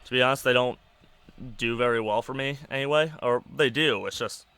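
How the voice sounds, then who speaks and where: Monotone young man rambling. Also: mid-range voice, brisk, clear, resonant tone, no echo. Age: young adult. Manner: monotone, rambling with many fillers. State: stressed. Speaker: podcast host. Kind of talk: casual personal rambling over a wrestling match.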